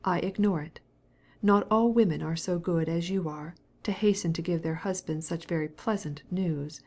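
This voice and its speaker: A woman's voice: fairly low pitch, moderate pace. A woman voicing a stiff, proud male official who speaks to his wife in a cold, clipped, formal way.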